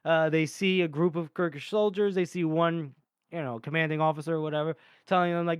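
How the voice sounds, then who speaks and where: A man's voice: a little high, steady tone, a little fast, clean tone, no echo, clean studio sound. A man co-hosting a casual podcast about a book series. He rambles through plot retellings, laughing often and swearing. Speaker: podcast co-host. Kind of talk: casual book-discussion chat.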